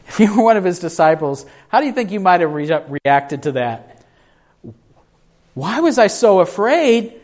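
Man preaching a lively, questioning sermon. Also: on the high side. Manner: asks the congregation questions, acts out quoted voices; shifts between hushed and raised delivery. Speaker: pastor.

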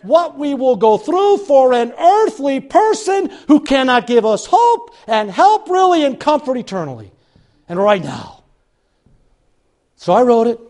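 An older man from Chicago, a pastor telling a self-mocking personal story in an animated storytelling sermon. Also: extremely high pitch, a little slow. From Chicago, USA.

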